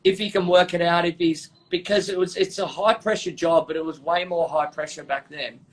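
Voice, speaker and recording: A man's voice: fairly high pitch, fairly even intonation, brisk, poor audio. A man hosting a podcast, chatting in a laid-back, sweary way, often adding "you know". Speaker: host. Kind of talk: casual podcast chat.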